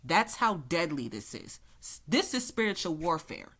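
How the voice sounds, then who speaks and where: Tarot reader, woman, lowish bright forceful voice, blunt profane ranting. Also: sing-song, normal speed, husky. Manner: blunt, heated, cussing freely.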